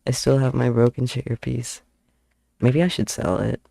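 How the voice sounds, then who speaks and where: A man's voice: mid-range voice, level tone, moderate pace, vocal fry, mellow. A young man telling a rambling story with frequent giggles while he draws, chatting casually on his channel. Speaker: artist streamer. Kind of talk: casual chat while drawing. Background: faint background music.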